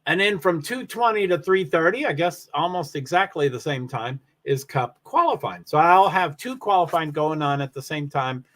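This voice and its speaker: A man's voice: fairly high pitch, lively intonation, normal speed, hardly any pauses, fairly bright tone. A very tired man, yawning, chatting in a rambling way with many fillers while running a solo livestream about racing. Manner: rambling, self-interrupting with fillers. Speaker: live streamer.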